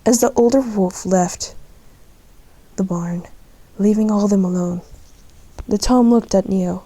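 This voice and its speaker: A woman narrating her own animal story in a plain, halting way. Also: medium pitch, warm tone. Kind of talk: reading a homemade animal story.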